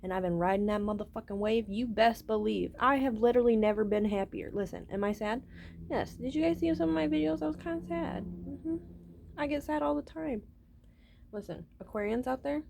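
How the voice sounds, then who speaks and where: Her voice on the high side, gravelly and darkish, a woman vlogger talks a little fast to her viewers, with a little hiss or hum in the background. The monologue is rambling and casual, she swears freely, and she often begins with "listen".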